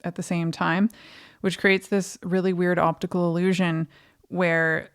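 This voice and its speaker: A woman's voice: lowish voice, flat delivery, measured pace, clear, resonant tone. A woman co-hosting a film review podcast, talking casually and thoughtfully with frequent fillers. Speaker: podcast co-host.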